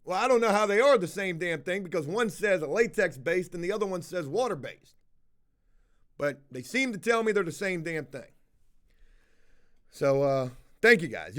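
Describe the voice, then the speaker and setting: Profane rambling man, high voice. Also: expressive, normal speed. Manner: rambling, profane storytelling to viewers. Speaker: house-flipping livestreamer. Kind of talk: casual livestream chat.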